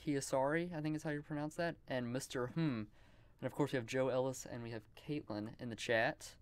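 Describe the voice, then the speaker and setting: A man's voice: mid-range voice, a little fast, smooth, no room sound. A young man, hosting a casual podcast chat, joking and laughing often. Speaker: podcast host.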